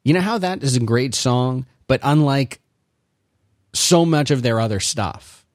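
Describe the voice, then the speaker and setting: A man's voice: medium pitch, lively intonation, a little slow, dry recording. Dry, teasing man in casual chat. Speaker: podcast co-host.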